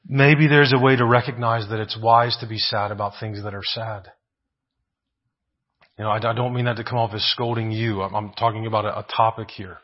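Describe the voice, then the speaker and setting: A man's voice: on the low side, little pitch movement, a little fast, highs cut off. A man preaching a sermon, asking rhetorical questions, often adding "right?" and repeating phrases for emphasis.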